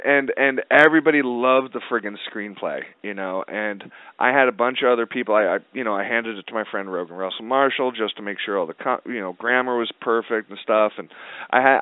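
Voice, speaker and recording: A man's voice: mid-range voice, no room sound. Male interview guest, rambling and profane, mid-range voice heard over a narrow phone line. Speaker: guest film producer. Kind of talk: casual storytelling interview. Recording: tinny dry phone line.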